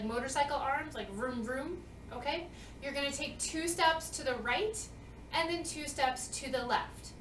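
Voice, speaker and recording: A woman's voice: on the high side, fairly bright tone, slight background noise. A woman walking a youth cast through a dance routine, chatty and often checking in with "okay?". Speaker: choreographer. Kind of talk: dance walkthrough. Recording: echoey room, mic at a distance.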